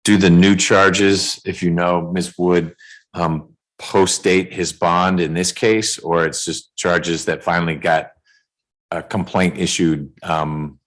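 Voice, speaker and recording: A man presiding as judge over a remote court calendar hearing, speaking in a measured way with dry jokes, over a video call. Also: sits low, fairly even intonation, a bit bright, rough recording.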